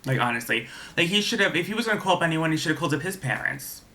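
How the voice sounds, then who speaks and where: A man's voice: on the high side, expressive, racing, sharp tone. A young man telling a personal story in a vlog, rambling and indignant. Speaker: vlogger.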